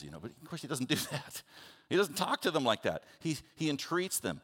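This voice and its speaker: A man preaching a sermon, earnest and animated, acting out the people in his stories. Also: medium pitch, brisk. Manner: earnest, animated, acts out the disciples in quotes. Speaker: pastor.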